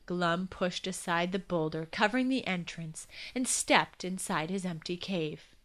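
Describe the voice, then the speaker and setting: A woman narrating a children's bedtime story and hosting its closing message, in an expressive, scripted read-aloud. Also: lowish voice. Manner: expressive and slow. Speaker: storyteller and podcast host.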